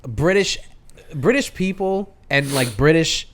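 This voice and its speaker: An American man co-hosting a podcast, chatting casually about a movie, animated and profane, with many restarts. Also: fairly high pitch, slow pace. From United States. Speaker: podcast co-host. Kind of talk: casual movie review chat.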